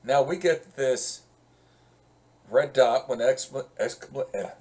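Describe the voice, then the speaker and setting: A man's voice: medium pitch, a little mellow. A male professor walking through code in a screen-recorded lesson, talking conversationally and thinking aloud as he works. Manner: slow, conversational, thinks aloud while working.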